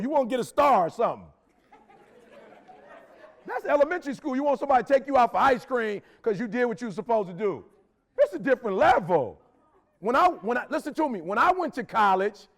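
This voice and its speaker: Man, very high voice, from Detroit, motivational speech, preachy, urgent, slangy. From Detroit, Michigan, USA. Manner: preachy, urgent, repeats lines for emphasis, slangy. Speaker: motivational speaker. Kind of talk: motivational speech to a live audience.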